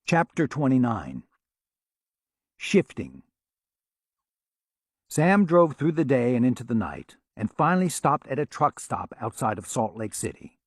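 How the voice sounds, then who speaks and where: A male audiobook narrator with a measured, wry delivery. He reads slowly, and his pitch moves freely through the lines. The recording is dry and close to the mic. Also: sing-song, dry recording. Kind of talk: scripted narration.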